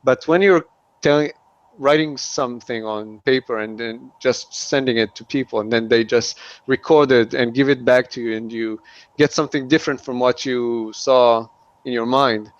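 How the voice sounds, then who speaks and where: A Middle Eastern man whose first language isn't English speaks English as a guest in a casual interview, hesitating often with many restarts and fillers. His voice is medium-pitched at a moderate pace, with no echo and a dull, lo-fi sound.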